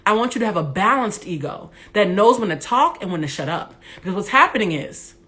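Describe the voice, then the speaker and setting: A young adult woman with a big, loud voice, hosting a candid livestream monologue on her phone, blunt and animated, with some profanity. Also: medium pitch, fairly quick. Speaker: Instagram Live host.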